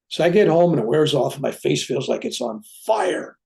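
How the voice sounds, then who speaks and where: A reverend telling a personal spiritual story, acting out what people said along the way. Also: male voice, on the high side, a little fast, gravelly. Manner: animated, acts out dialogue in his own voice. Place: room at home with a bookcase.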